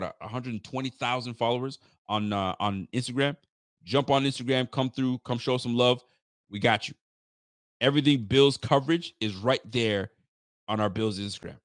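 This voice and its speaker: A man hosts a live post-game stream for a sports fan channel, hyped and rambling as he throws trash talk at the rivals, though he sounds tired. His voice is mid-range, sitting in the middle of his own range. He speaks into a close mic in a dry, dead room with no echo.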